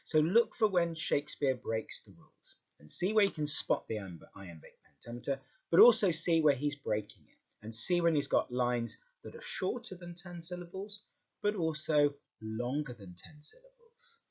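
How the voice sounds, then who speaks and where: A man's voice: on the high side, very animated, moderate pace, slightly rough. A man teaching English in an explanatory video lesson, often checking in with "okay" as he talks the class through. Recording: muffled lo-fi recording.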